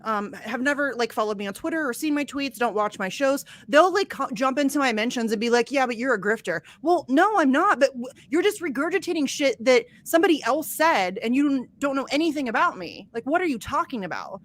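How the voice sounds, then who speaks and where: Blunt, higher-voiced woman host. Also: expressive, fairly quick, few pauses, no echo. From Ohio. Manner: blunt, exasperated, profane ranting. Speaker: podcast host. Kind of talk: casual podcast chat.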